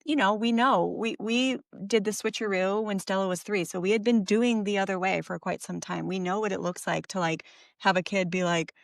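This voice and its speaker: A middle-aged woman with a medium-pitched voice, fairly even intonation and some vocal fry speaks at a normal speed. She co-hosts a parenting podcast, telling a story chattily and casually with plenty of fillers and self-corrections. The recording is clean studio sound with no room sound.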